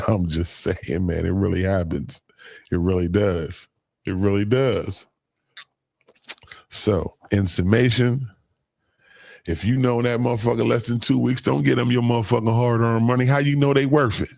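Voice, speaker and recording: A man's voice: lowish voice, fairly even intonation, unhurried, gravelly, long pauses, darkish tone, no echo. A man hosting a casual live stream, swearing freely, laughing often and reading viewer comments aloud. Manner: profane, laughs a lot, reads comments aloud. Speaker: livestream host.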